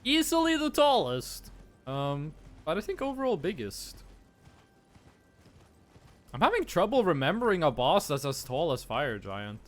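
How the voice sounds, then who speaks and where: A man's voice: a little high, huge pitch swings, a little slow, long pauses. A man from Estonia, streaming a game and playfully musing aloud over how words are pronounced. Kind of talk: casual live-stream gaming commentary.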